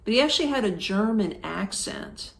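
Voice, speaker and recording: A woman's voice: mid-range voice, sing-song, moderate pace, gravelly. A woman from Florida hosting a podcast, telling a travel story in a chatty, casual way, full of fillers and acted-out quotes. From Florida, United States. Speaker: podcast host.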